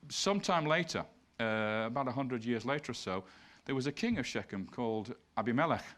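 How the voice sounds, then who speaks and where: A man's voice: mid-range voice, expressive, brisk, a bit bright. A man giving an illustrated lecture, explaining slides point by point and reading passages aloud. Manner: reads scripture passages aloud.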